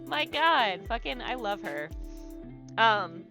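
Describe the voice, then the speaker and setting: Her voice is fairly high and sing-song, slow and sharp in tone, with faint music in the background. This young woman hosts a livestream art therapy exercise and chats casually as she draws. Her talk rambles through many fillers and restarts while she encourages viewers.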